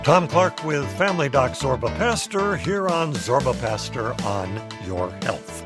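A man co-hosting a radio health show, announcing segments and reading recipe lines back in a steady way. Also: medium pitch, a little slow, over music. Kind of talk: scripted radio announcing and casual chat.

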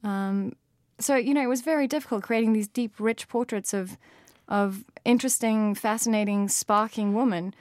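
A woman's voice: mid-range voice, moderate pace, few pauses, darkish tone, no echo, clean studio sound. A woman author with a South African accent, talking thoughtfully in an interview with frequent fillers and restarts.

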